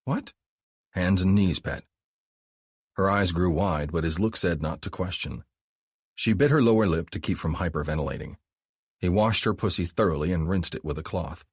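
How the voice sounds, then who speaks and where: A man narrating an audiobook in a calm, even storytelling manner. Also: low voice, fairly quick, breathy edge, no room sound, clean studio sound. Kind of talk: scripted narration.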